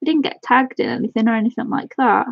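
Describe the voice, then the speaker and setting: Gushing husky woman live-streaming. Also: a little high, quick pace, no echo, dull audio. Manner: gushing, excitable, thanks viewers by name. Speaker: live-streamer chatting with viewers. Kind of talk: casual live-stream chat.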